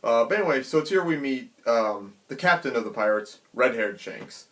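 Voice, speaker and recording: A man casually retelling a comic chapter in an animated, chatty way, acting out the characters' quotes. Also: medium pitch, normal speed. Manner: animated, chatty, many fillers. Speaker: manga reviewer.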